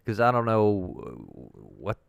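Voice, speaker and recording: A man's voice: lowish voice, big pitch swings, slow pace, gravelly, smooth, no room sound, clean studio sound. A man co-hosting a casual movie podcast, rambling and joking, often trailing off mid-thought. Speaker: podcast co-host.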